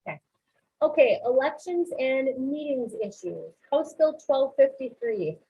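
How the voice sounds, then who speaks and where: A woman's voice: sits high, lively intonation, unhurried, dark tone. A woman presenting a legislative recap for school boards in a businesslike way, with frequent ums and uhs. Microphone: online webinar call. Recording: tinny phone-like webinar audio.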